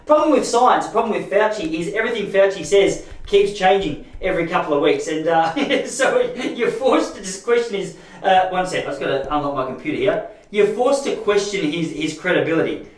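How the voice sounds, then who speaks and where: Rambling Australian bloke in a roomy room. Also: male voice, sits high, expressive, a little fast, distant mic. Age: 30s. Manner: rambling and chatty, with frequent restarts and self-deprecating asides. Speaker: podcast host. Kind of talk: casual monologue.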